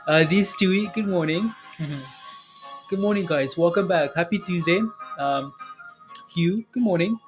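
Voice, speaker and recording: Brief: male livestream market host, casual and chatty, slightly high voice, faint music underneath. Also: unhurried. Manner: chatty, repeats himself, ends points with "right?". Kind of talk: casual live chat greeting viewers.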